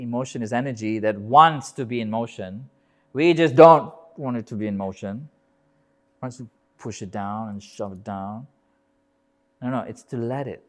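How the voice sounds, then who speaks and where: A man giving a talk as a yoga teacher, emphatic, building rhythmic lists and swearing casually. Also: medium pitch. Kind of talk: live motivational talk. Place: yoga festival talk, indoors.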